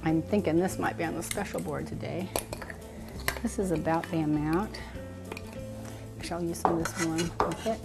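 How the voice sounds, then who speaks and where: A woman's voice: lowish voice, steady tone, brisk, loud music behind the voice. A middle-aged woman hosting a casual cooking demonstration in a kitchen, chatty and enthusiastic, thinking aloud as she works. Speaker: cooking show host.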